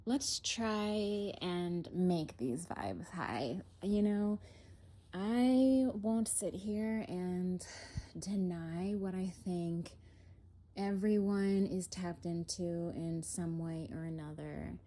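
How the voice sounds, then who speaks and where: Young woman chatting about oracle cards at home, slow and dreamy, warm mellow voice, bit out of breath. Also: on the low side. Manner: slow, airy, lots of "if you will" and soft laughs. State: slightly out of breath. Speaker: oracle card reader and mindset coach. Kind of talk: casual spiritual chat. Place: home, indoors.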